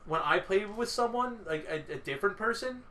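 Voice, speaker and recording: A man hosting a podcast, chatting casually and telling animated stories with frequent laughter. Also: high voice, fairly quick. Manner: animated storyteller, often laughing. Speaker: podcast host. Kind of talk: casual chat.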